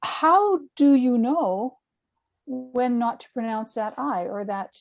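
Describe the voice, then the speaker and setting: A woman's voice: on the high side, lively intonation, slow pace, soft background music. A woman asking questions in a language class, curious and hesitant, sounding out words. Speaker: student.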